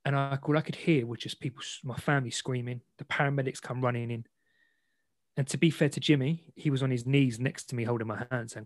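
A man speaks as an interview guest, at a mid pitch that sits squarely in the ordinary range. He tells his own story frankly and self-deprecatingly, with animated retelling. The sound is close and dry, with no room around it. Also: fast, dry recording. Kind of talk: candid personal storytelling.

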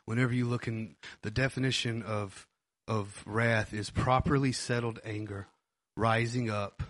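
A man's voice: fairly low pitch, fairly bright tone, dry recording. A man co-hosting a faith podcast, explaining Bible terms in a casual way, often repeating words and checking that listeners follow. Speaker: podcast co-host. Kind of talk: casual Bible teaching chat.

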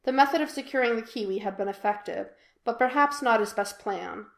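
A woman reading a fan fiction audiobook in an even, unhurried storytelling voice. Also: fairly high pitch, vocal fry. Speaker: podfic reader. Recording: echoey room.

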